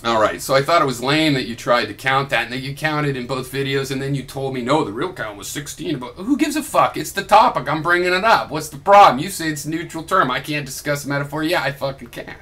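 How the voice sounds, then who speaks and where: A young man talks straight at his opponent in a reply video, combative and sharp-tongued, swearing freely. His voice has a bright, forceful edge, and he keeps slipping into sarcastic mock quotes. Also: mid-range voice, lively intonation, quick pace, hardly any pauses. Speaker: video blogger replying to another vlogger.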